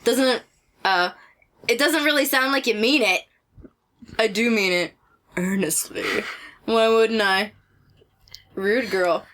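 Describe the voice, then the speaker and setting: A woman's voice: on the high side, a little slow, long pauses, a bit bright. A woman voicing a snobby, haughty teenage schoolgirl rival in a casual game playthrough, with a smug, mocking delivery. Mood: snooty. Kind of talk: amateur let's-play voice acting.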